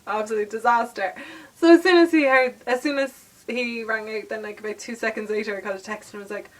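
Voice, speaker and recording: Young Irish woman, chatty vlogger, higher voice, slightly off-mic. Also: fast talker, a bit bright, far from the mic, poor audio. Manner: chatty, laughing, lots of fillers. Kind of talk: casual storytelling to camera.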